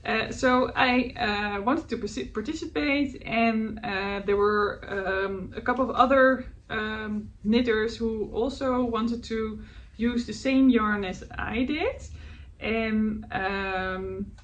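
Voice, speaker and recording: Woman knitting host, slow and hesitant, slightly distant mic. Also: on the high side, muffled recording. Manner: hesitant, searching for words, many fillers; laughs softly at herself. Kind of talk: casual show-and-tell chat. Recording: faint background noise, voice a bit distant from the mic.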